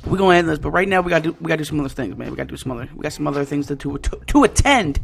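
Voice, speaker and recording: High, gravelly young man hyping a game. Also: expressive, rapid-fire. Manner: hyped, yelling at big moments. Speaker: gaming YouTuber. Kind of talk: excited let's-play commentary.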